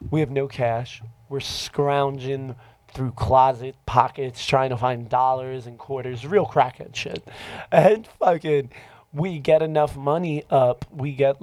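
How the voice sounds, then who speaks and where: A man's voice: mid-range voice, takes it slowly, no echo. A man telling a story in casual podcast talk, swearing freely and acting out the voices of the people he quotes. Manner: profane, animated, acts out quoted voices.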